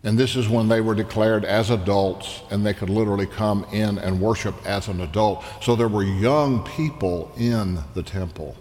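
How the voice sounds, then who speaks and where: A male pastor delivers a sermon at an unhurried, measured pace, letting his voice climb whenever he quotes scripture. His voice carries a long reverb, as if recorded in a large hall. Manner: slow, deliberate preaching that rises in pitch on quoted scripture.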